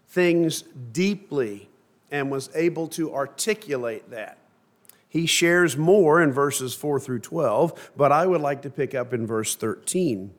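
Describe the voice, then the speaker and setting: A middle-aged man preaching a sermon and reading scripture in a measured, emphatic way. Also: a little high. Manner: measured, emphatic delivery with slow stressed phrases.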